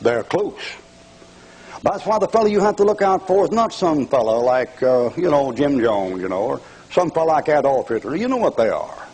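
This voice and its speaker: A man's voice: a little high, big pitch swings, normal speed, darkish tone, slightly rough, low-quality recording. An older man preaching a televised fire-and-brimstone sermon, mocking and taunting his audience with bursts of laughter.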